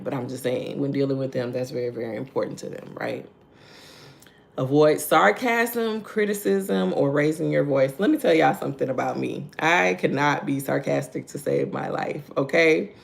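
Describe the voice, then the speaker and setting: Chatty woman with a gravelly edge. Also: rumbling low. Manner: chatty, laughs often, repeats her points, greets viewers by name; asks "right?" and "okay?" to draw listeners in. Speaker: host of a morning devotional livestream. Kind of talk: casual devotional livestream talk.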